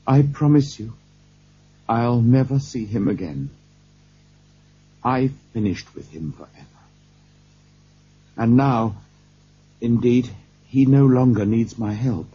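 A man voicing a pale, ill, feverish doctor in a slow audiobook reading with a thin, tired voice. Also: lowish voice, sing-song, slightly rough, heavily acted. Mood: earnest. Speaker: character in an audiobook. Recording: dull lo-fi cassette tape.

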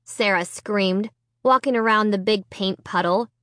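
A woman reading a children's chapter book aloud in the first person, in a measured and expressive way. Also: mid-range voice, no echo, clean studio sound. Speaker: audiobook reader. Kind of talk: first-person storybook narration.

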